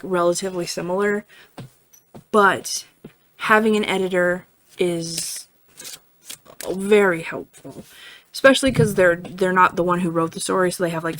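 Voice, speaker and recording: A woman's voice: fairly low pitch, a little hiss or hum. A woman giving a casual tarot reading in a chatty way, full of fillers, often checking in with "right?" and swearing now and then. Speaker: tarot reader.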